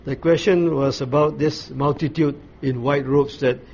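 A man giving a Bible study, explaining scripture in a measured way with frequent pauses and restarts. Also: a little high, steady tone, gravelly, darkish tone. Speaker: Bible teacher. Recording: slightly dull recording with faint ambient noise.

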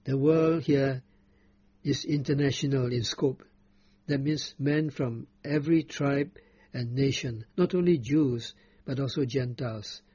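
Slow, mellow-voiced male preacher. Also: medium pitch, breathy edge, no echo. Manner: slow, deliberate reading of scripture with emphatic quotes. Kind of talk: Bible teaching sermon. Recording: muffled lo-fi recording.

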